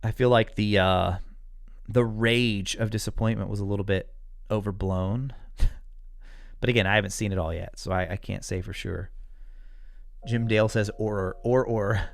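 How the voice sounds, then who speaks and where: A man's voice: on the low side, steady tone, normal speed, vocal fry, long pauses, no room sound, studio quality. An American man hosting a live stream, chatting casually and answering viewers' comments with frequent chuckles. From United States. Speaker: livestream host. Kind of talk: casual live-chat talk.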